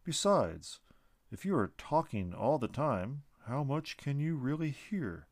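A man voicing a calm, wise male tree spirit in a storybook reading, speaking slowly and softly. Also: mid-range voice, dry recording, pitched above the performer's own voice. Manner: slow, soft, patient.

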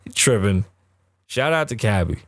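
A man's voice: fairly low pitch, sing-song, moderate pace, no room sound, clean studio sound. A man hosting a podcast, giving casual, profane and rambling commentary on the news. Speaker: podcast host.

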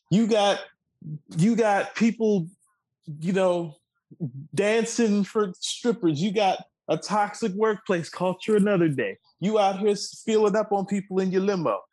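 A man's voice: high voice, lively intonation, moderate pace, darkish tone, rough recording. A man in his twenties from the Washington, D.C. area, co-hosting a sports talk show with a heated, profane, emphatic rant. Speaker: co-host.

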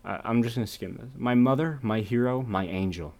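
A man's voice: mid-range voice, a little fast, a little mellow. A man co-hosting a casual podcast, reading fan fiction aloud with laughing, overblown drama and joking asides. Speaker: podcast co-host.

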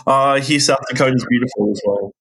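A man in his thirties with an Australian accent, chatting as a guest on a remote interview, relaxed and quick to laugh. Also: mid-range voice, breathy edge. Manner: relaxed, chatty, laughs easily, many ums. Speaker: guest, game designer. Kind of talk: casual interview chat.

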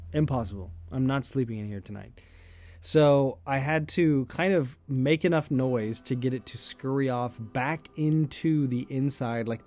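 A man's voice: medium pitch, darkish tone. A man telling a personal story in a loose, chatty way, full of "like", light laughs and casual swearing. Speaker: storyteller host.

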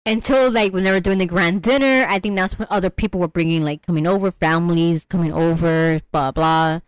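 A woman talks casually and animatedly about a film, full of slang and laughing asides. She often jumps into high, sing-song voices to mimic characters. The recording is dry and close. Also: fairly even intonation, a little fast, clear, resonant tone, no echo, poor audio. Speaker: podcast co-host discussing a film. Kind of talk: casual chat.

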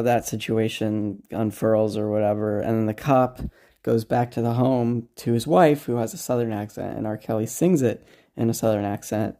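A man's voice: mid-range voice, warm tone. A man hosting a podcast, casually recapping a story in a rambling, amused way, with many restarts and some swearing. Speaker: podcast host.

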